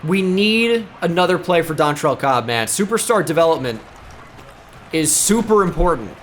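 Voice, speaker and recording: A man hosting a gaming video, joking and commentating on his gameplay, shouting out big plays. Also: fairly high pitch, moderate pace, slight background noise. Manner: excitable, jokey, breaks into shouted play-calls.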